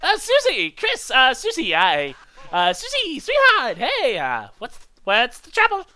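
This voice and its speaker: A man's voice: very high voice, wildly swooping pitch, unhurried, sharp tone, no echo, pitched above the performer's own voice, heavily acted, poor audio. A man voicing a nervous, flustered TV-headed game show host who stammers with fake cheer.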